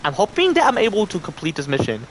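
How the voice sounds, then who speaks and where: A young man live-streaming a game, chatting with his viewers and reacting with loud, profane outbursts. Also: sits high, huge pitch swings, fast, noisy background. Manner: profane, talks to chat, reacts loudly. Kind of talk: casual live-stream gaming commentary.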